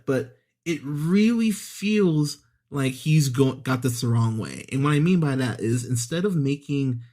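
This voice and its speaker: A man's voice: medium pitch, a little mellow. A man ranting through a sarcastic, profane movie review on a podcast, with exasperated asides and mocking impressions.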